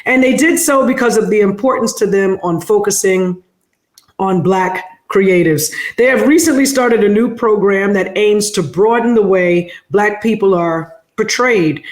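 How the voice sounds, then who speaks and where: Woman host in a roomy space. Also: mid-range voice. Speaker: podcast host. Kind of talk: interview hosting.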